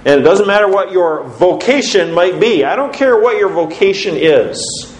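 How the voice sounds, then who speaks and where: A man preaching a sermon as pastor, putting questions to his congregation in an emphatic, lively way. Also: sits high, moderate pace. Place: church sanctuary. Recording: roomy church echo.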